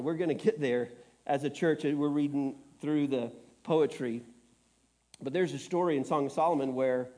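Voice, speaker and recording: A man's voice: a little high, warm tone. A middle-aged man preaching a sermon, telling stories earnestly with self-deprecating humor, choked up and tearful. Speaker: pastor.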